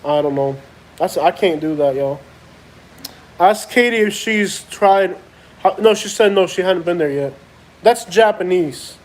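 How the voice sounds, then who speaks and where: A man's voice: high-pitched, measured pace, long pauses. A man chatting casually about food, joking and rambling with stumbling restarts. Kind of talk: casual chat.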